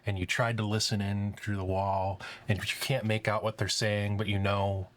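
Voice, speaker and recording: A man voicing a frightened, self-doubting young woman who speaks in halting, anxious phrases in a tabletop game. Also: on the low side, flat delivery, close to an everyday voice. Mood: uneasy.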